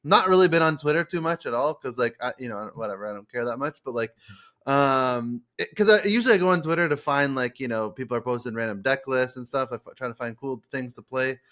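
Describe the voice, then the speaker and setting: A young man co-hosting a casual gaming podcast, energetic and loose, swearing freely and full of fillers. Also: medium pitch, quick pace. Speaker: podcast co-host.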